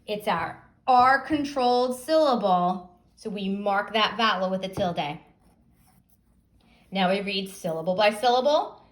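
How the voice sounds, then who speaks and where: A woman teacher giving a phonics lesson, sounding out words slowly and asking young pupils questions. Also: medium pitch.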